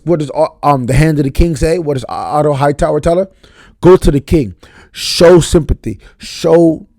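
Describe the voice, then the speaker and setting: A man's voice: on the high side, creaky, warm tone, no room sound. A young man, reviewing a TV episode at home late at night in a profane, emphatic casual rant. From New York area. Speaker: TV review vlogger.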